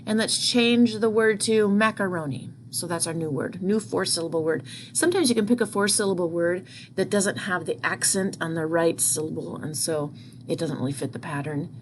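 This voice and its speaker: A woman's voice: lowish voice, moderate pace, a little hiss or hum. A music teacher explaining rhythms patiently, step by step, speaking into a computer mic at her desk. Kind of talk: online music lesson.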